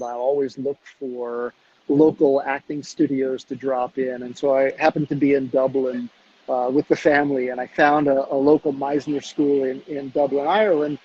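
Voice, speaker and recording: A man hosting a casual conversation who tells anecdotes in an animated, storytelling manner. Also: medium pitch, slightly rough, lo-fi sound.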